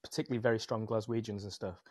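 A man's voice: lowish voice, racing, dry recording. A man with a British accent, chatting casually on a podcast and telling stories with frequent tag questions. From Britain. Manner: animated storyteller, tag questions like "right?".

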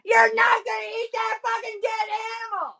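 A woman's voice: lowish voice, slow, a bit bright, no room sound. A woman voicing a fussy, health-obsessed 23-year-old woman, earnest and dramatic, quoted in a story. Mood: shrill upset. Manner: earnest and dramatic, shrieks when upset.

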